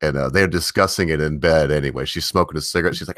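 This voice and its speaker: A man hosting a casual live stream chat. He has a very low voice and rambles from one tangent to the next. The sound is dry and close. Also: fairly even intonation, fast, few pauses, fairly bright tone, no echo. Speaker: host.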